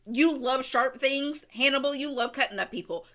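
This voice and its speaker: A woman hosting a reaction video, excitably talking back to the screen and gushing emotionally in casual commentary. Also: high voice, moderate pace, hardly any pauses.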